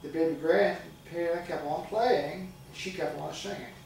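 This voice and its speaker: The sermon comes from an older man whose slightly high, creaky, somewhat mellow voice moves at normal speed. He spins folksy tales and calls to his congregation in a church sanctuary, recorded far off with echo and slight background noise.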